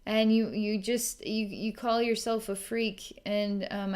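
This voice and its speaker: A woman giving a recorded psychic reading, musing aloud with halting pauses, frequent ums and sighs, and soft laughs. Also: mid-range voice, flat delivery. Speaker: psychic reader.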